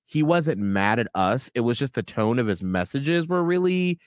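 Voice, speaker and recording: A man co-hosting a radio show, telling stories in animated casual chat and swearing freely. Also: medium pitch, normal speed, clean tone, no echo. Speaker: radio co-host.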